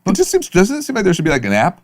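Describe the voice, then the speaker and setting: A man's voice: high voice, wildly swooping pitch, rapid-fire. A man co-hosting a podcast in casual chat, asking questions with a dry, sarcastic edge. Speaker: podcast co-host.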